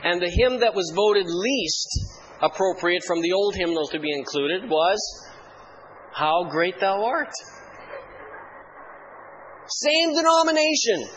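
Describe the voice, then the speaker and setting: A man's voice: high voice, a bit bright, dull audio, a little hiss or hum. A man preaching a sermon, telling humorous church stories with dry wit before turning to scripture. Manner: dry storytelling humor, mock-solemn archaic hymn recitation. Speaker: pastor.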